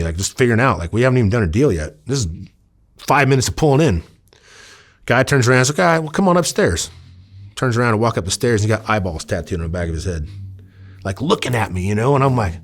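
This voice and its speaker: A man from Iowa, a former undercover officer, telling stories casually in an interview, rambling with many fillers and acting out quoted dialogue. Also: mid-range voice. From Iowa, USA.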